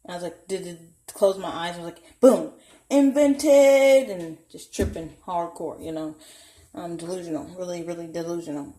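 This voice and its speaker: A woman's voice: lowish voice, a little mellow. A young woman vlogging a candid personal story at home, blunt and profane, acting out the voices of people she quotes. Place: home, indoors. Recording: echoey room.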